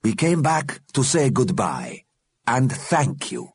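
A man voicing a kind, calm elderly male ghost who speaks gently and reassuringly. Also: medium pitch, slow pace, breathy edge, dry recording, pitched above the performer's own voice, exaggerated voice. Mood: gentle.

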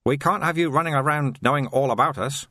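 A man reading an audiobook, voicing a calm, knowing male guide who speaks gently and reassuringly. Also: medium pitch, fast, no room sound, clean studio sound. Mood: assured.

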